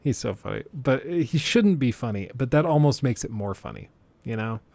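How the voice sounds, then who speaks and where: A man's voice: mid-range voice, lively intonation, moderate pace, vocal fry, a little mellow, no room sound. A man chatting casually on a live stream, rambling loosely and slipping into impressions of others.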